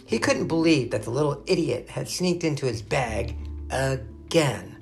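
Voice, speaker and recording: A man reading a children's adventure chapter aloud, expressive and dramatic. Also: medium pitch, a little slow, vocal fry, soft background music. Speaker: narrator. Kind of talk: storybook reading.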